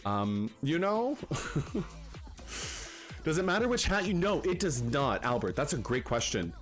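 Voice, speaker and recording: A man hosting a casual livestream, talking to viewers in an animated, chatty way and slipping into rants. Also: fairly high pitch, measured pace, soft background music. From Canada. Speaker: livestream host.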